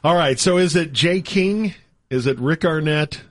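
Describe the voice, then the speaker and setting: A man's voice: fairly high pitch, measured pace, no room sound, studio quality. A man hosting a morning radio call-in show, chatting casually and laughing often. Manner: laughs often, self-deprecating. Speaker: radio show host taking calls. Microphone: studio microphone.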